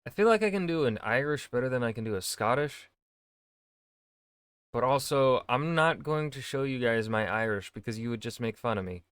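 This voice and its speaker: A man's voice: medium pitch, lively intonation, normal speed, fairly bright tone, clear, resonant tone, dry recording. A man hosting a reaction video, chatting casually and joking at his own expense. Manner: joking, rambling, self-mocking.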